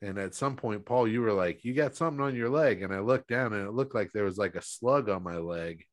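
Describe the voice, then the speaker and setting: A young man with a somewhat low voice chats casually and sleepily, rambling through a story with casual swearing. The recording is dry and close. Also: brisk, no echo. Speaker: podcast co-host. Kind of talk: casual chat.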